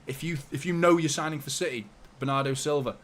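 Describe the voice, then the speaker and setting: A man's voice: on the high side, steady tone, quick pace, a little hiss or hum. A young man hosting a live football watchalong, chatting casually, swearing and reading out viewer messages. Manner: chatty, swears a lot, reads out super chats. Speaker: fan channel host doing a live watchalong. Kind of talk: live match watchalong commentary.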